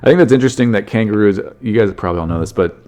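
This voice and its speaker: A man's voice: fairly low pitch, racing, darkish tone. Rambling, swearing comedy podcast host man. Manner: rambling, jokey, swears freely. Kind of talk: solo comedy podcast riffing on news.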